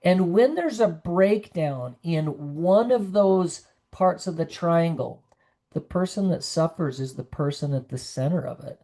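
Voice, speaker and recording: A woman's voice: lowish voice, animated, unhurried, warm tone. A woman nurse practitioner giving an earnest, conversational online presentation to caregivers over a video call, sometimes acting out the voices of the people she quotes.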